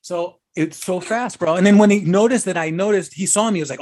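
A man's voice: high-pitched, a little fast. A man co-hosting a podcast, telling stories in a casual, slangy way full of bro and dude. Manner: animated storyteller, slangy, swearing, says bro and dude. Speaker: podcast co-host. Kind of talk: casual chat.

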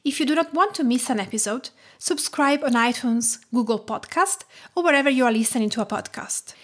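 A woman in her thirties from Tuscany with an Italian accent, calmly narrating her podcast in a measured, sometimes hushed way. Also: high voice. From Tuscany, Italy. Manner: calm, measured storytelling, often soft and hushed. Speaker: podcast host.

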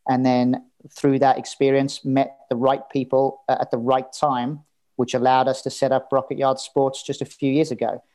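A man's voice: mid-range voice, little pitch movement, moderate pace, a little mellow. Candid storytelling man, casual podcast guest. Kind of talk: casual interview chat.

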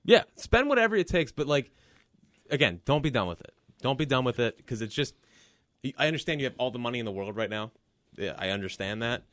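A man in his twenties co-hosting a sports podcast, opinionated and quick, with lots of casual fillers. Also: medium pitch, big pitch swings, a bit bright, no room sound, studio quality. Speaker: podcast co-host.

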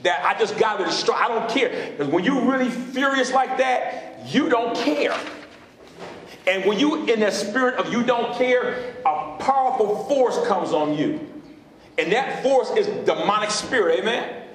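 A man's voice: sits high, animated, a little slow, a bit bright, slight background noise. A man preaching a sermon as pastor, questioning his congregation in call-and-response style from a church sanctuary. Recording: echoey hall.

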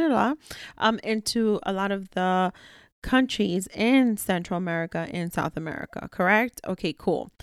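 A woman's voice: medium pitch, creaky, clear, resonant tone, no echo, clean studio sound. A woman hosting her own podcast, talking candidly in a loose conversational way, swearing now and then and often tagging on "right?". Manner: swears casually when annoyed. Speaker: podcast host. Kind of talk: casual solo podcast monologue.

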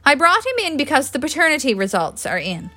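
A woman reading a cheerful, brisk woman doctor. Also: high-pitched, wildly swooping pitch, pushed and bright, dry recording, faint music behind, voice pushed up, full character voice.

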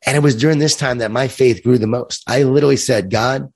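In an interview conversation, a guest from Long Island with a light New York accent talks fast in a mid-range, darkish voice. He is earnest and upbeat, repeating words as he thinks.

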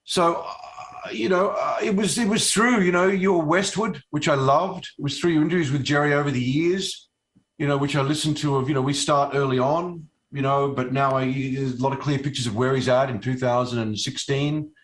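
Halting Australian man, actor guest. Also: fairly high pitch, fairly even intonation. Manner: halting, many fillers and restarts. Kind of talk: casual interview.

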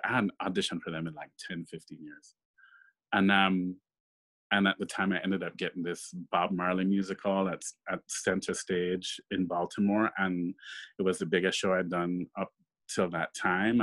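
Lower-pitched male actor as interview guest, lively raconteur, mimics quoted people. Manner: animated, acts out quoted voices. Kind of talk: casual interview storytelling.

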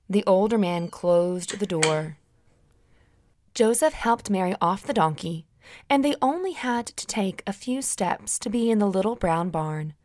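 A woman hosting a children's Bible story, reading gently and asking her young listeners to answer aloud, her voice still recovering from having been lost. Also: fairly low pitch.

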